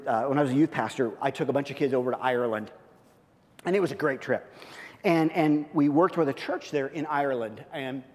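Animated preacher man in a reverberant hall. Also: mid-range voice. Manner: animated, storytelling with many restarts. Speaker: pastor. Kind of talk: sermon with storytelling.

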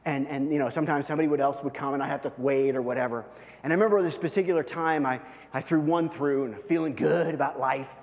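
A man preaching through a story, lively at times and dropping to a hushed near-whisper at the tender moments. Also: on the high side, fast. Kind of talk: storytelling sermon. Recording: long hall reverb.

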